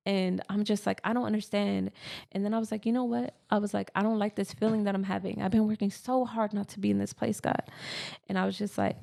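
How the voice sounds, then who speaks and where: A woman in her thirties co-hosting a casual spiritual podcast, telling personal stories earnestly in quick bursts. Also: medium pitch, level tone, creaky, a little mellow. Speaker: podcast co-host.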